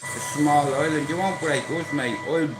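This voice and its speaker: A man's voice: on the high side, normal speed. An Irish man ranting on a livestream in an aggressive, profane and rambling way, confronting others. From Ireland. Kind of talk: angry livestream rant. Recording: roomy sound with music behind. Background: music.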